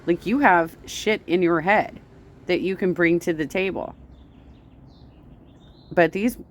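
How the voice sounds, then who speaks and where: A woman's voice: on the low side, normal speed, slight background noise. A woman streamer giving casual commentary in a blunt, exasperated way, with plenty of swearing.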